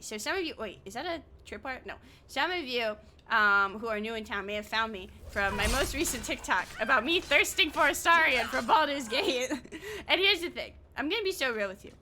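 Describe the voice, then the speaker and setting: A woman streamer chatting casually while she plays, excitable and quick to swear, often breaking into laughter. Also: high voice, slight background noise. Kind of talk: casual live-stream chat.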